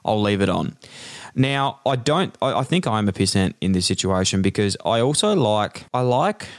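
A man's voice: on the low side, moderate pace, dry recording, studio quality. A young Australian man co-hosting a podcast, joking and swearing in casual chat. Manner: animated, jokey, swearing. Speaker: podcast co-host.

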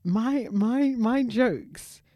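A woman's voice: on the high side, drawn-out words, dark tone. A woman co-hosting a casual podcast chat, laughing often and swearing casually.

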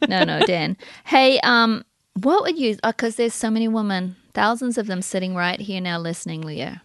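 A woman co-hosting a podcast, affirming her guest and asking lively, supportive questions. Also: medium pitch, moderate pace, no room sound. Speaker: podcast co-host. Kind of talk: conversational interview.

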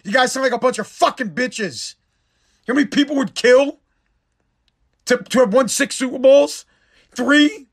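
A man delivering a heated, profane, sarcastic sports rant. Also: high-pitched. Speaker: sports commentator. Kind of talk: ranting sports monologue.

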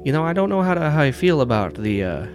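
A stoic, paternal older man with a slight New York accent, as a game master puts him on, speaking out of the side of his mouth around a cigar. His voice sits higher and louder than the performer's own, with music playing underneath. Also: very animated, fast talker. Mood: genial. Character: stoic paternal older male headquarters leader.

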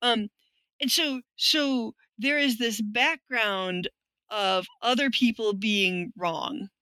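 A middle-aged woman talks as a guest in an interview, her voice bright and sharp. She tells her stories frankly and with dry wit. The sound is close and dry, with no room around it. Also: on the high side, slow pace, no room sound, rough recording. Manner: frank, wry storytelling that acts out quoted voices. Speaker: guest, linguistics professor. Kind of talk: conversational interview.

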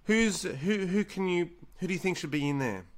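Man doing a chipper, higher-pitched TV producer, pushy on the phone. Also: expressive, normal speed. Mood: chirpy. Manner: chirpy, pushy sales patter. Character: upbeat male TV reality-show producer on a phone call.

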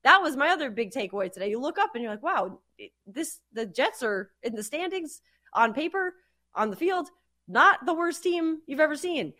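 A woman co-hosting a sports podcast, chatty and animated, laughing easily in casual talk about football and betting. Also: high voice, normal speed.

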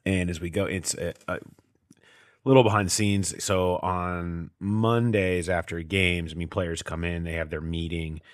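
A man's voice: sits low, fairly even intonation, measured pace, dry recording, studio quality. A man, a sports reporter co-hosting a podcast, telling stories casually with lots of fillers and laughs. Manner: chatty storyteller, lots of fillers, laughs at his own stories.

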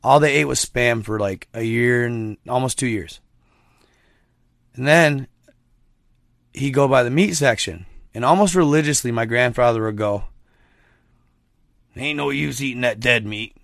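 A man's voice: medium pitch, moderate pace, pauses often, fairly bright tone, no room sound, studio quality. A man talking casually with his viewers, telling a rambling story full of slang. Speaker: streamer chatting with viewers. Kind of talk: casual chat.

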